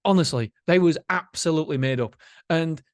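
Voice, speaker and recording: A man hosting a solo motivational podcast, chatty and animated, swearing casually. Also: a little high, brisk, no room sound. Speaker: podcast host.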